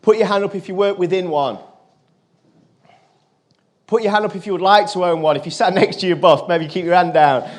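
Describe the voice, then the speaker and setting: A man giving a motivational keynote, telling a personal story to a live audience and turning quiet in the emotional moments. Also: sits high, brisk, pauses often. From England. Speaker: motivational speaker. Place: conference stage.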